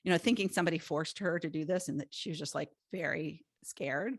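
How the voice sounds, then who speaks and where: A woman's voice: low voice, a little fast, no room sound, clean studio sound. A middle-aged woman from the United States, hosting a solo podcast in a rambling, chatty way, full of fillers and restarts. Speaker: podcast host. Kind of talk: casual solo podcast talk.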